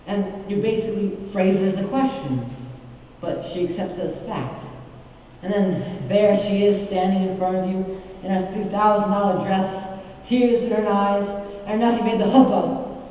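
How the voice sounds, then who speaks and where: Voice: mid-range voice, warm tone, slight background noise, lightly acted. A young stage actor playing a wistful middle-aged man who confides in the audience. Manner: confiding, musing asides to the audience. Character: wistful middle-aged male musical fan. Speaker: narrator. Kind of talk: stage musical acting. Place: theater stage. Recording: dull, echoey stage hall from far off.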